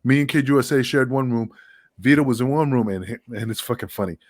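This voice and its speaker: A man's voice: medium pitch, fast, darkish tone. A man, a former wrestler guesting on a podcast, telling rambling, profane stories and laughing as he goes. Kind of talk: casual storytelling.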